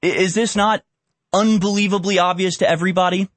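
A man's voice: high voice, fairly even intonation, a little fast, no room sound. A man hosting a commentary show, ranting bluntly and with exasperation. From Houston area. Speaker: commentary host.

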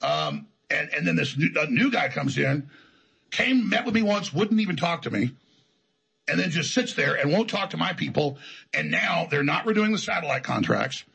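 A man's voice: fairly high pitch, expressive, normal speed, vocal fry, bright, forceful tone, husky, low-quality recording. A man telling his story as an interview guest, in an emphatic, defiant, rambling way. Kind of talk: heated conversational storytelling.

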